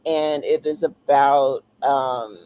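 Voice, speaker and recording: A woman author being interviewed, talking thoughtfully with frequent pauses, ums and restarts. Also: extremely low pitch, fairly even intonation, mellow, rough recording. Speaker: author guest. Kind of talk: casual interview talk.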